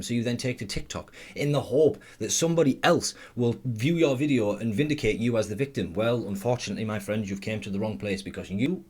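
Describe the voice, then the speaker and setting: A man's voice: mid-range voice, a little mellow, husky. A man giving blunt, profane, sarcastic running commentary. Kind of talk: ranting commentary.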